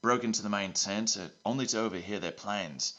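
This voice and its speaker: A man's voice: on the low side, a little fast, fairly bright tone, natural voice. A man voicing a bumbling male secret agent who keeps swapping between broad put-on accents, rambling through his mission report. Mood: hammy.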